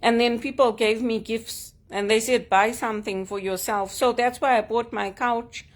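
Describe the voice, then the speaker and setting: A woman's voice: a little high, fairly even intonation, moderate pace. Lady vlogging from her couch at home, blunt and fed up, punchy short sentences. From Zimbabwe. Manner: frank, aggrieved, speaks in short emphatic statements. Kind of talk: personal vlog monologue.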